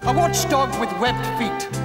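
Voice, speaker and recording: A woman giving a mock-serious, dreamy spoken recitation within a comic song, over loud music. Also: sits high, expressive, unhurried.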